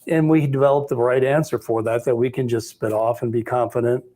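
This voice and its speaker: A man with long sales experience speaking in a calm, relaxed, even-keeled way. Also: mid-range voice, brisk. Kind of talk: casual chat.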